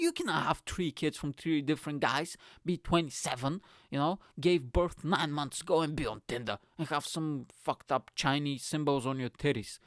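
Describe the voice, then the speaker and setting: A slightly high-pitched man speaks in a studio-quality recording with no room sound. Hosting a comedy podcast, he rants in an animated, profane, casual monologue, swearing often and habitually finishing lines with "mate" and "bro."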